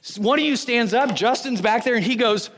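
High-voiced preaching man in a reverberant hall. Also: a little fast, slight background noise. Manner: animated, acts out voices of onlookers. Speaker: pastor. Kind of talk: sermon.

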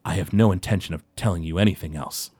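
A man voicing a wary, guarded man who speaks low and quietly at a church door. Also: fast, slightly rough, dry recording.

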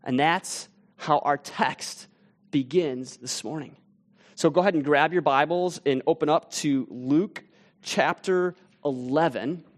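A man with a fairly high voice preaches by telling a story, casual and conversational with small restarts. At tense moments he drops almost to a hush. It sounds like a church teaching-team pastor opening a sermon. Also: slow pace.

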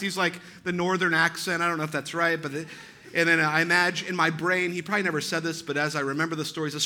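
Pastor guy preaching, casual storytelling, high bright voice, keeps tossing in "right?". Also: little pitch movement, fast talker. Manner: chatty, self-deprecating, frequent "right?" asides. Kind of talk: sermon storytelling.

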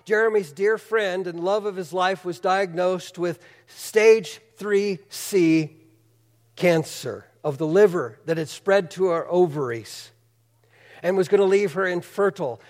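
A pastor with a notably high voice delivers a sermon, retelling a story with lively energy and drawing his listeners in with questions. His voice rings out with a long reverb through the hall. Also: unhurried. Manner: animated storytelling, asks the audience questions.

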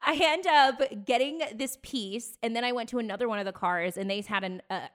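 A woman's voice: on the high side, fairly quick. Chatty woman co-hosting a podcast. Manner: chatty storyteller, laughs easily. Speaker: podcast co-host. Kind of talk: casual chat.

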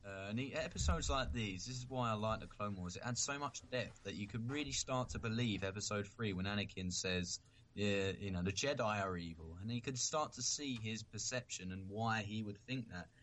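A man's voice: fairly low pitch, a bit bright. A man with a British accent co-hosting a fan podcast, earnest and thoughtful in casual chat. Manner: earnest, thoughtful, a little halting. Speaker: podcast co-host.

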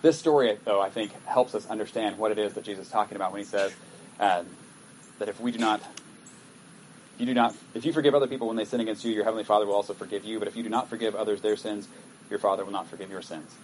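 A man's voice: on the low side, steady tone, fast, a little mellow, slight background noise, poor audio. A male pastor giving a sermon in a conversational way, reading scripture aloud and breaking off to comment on it. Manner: conversational, reads scripture aloud with acted asides.

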